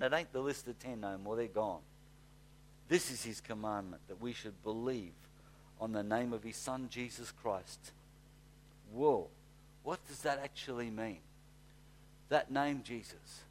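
A man preaching a sermon, swinging from hushed, slow reading to fired-up shouting, with blunt, folksy asides. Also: mid-range voice, a little hiss or hum. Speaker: pastor.

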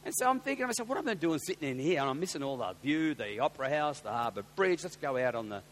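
An Australian man preaching as a pastor, telling personal stories and swinging from hushed asides to loud, excited exclamations. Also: a little high, quick pace, a little hiss or hum. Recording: long reverb of a large hall.

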